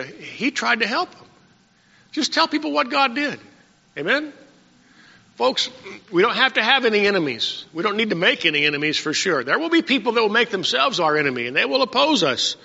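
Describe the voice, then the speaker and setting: A man's voice: sits high, very animated, brisk, creaky, pushed and bright, slightly rough. An older man preaching a sermon as pastor, folksy and talking directly to members of his congregation. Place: church sanctuary. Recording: dull lo-fi recording with long hall reverb.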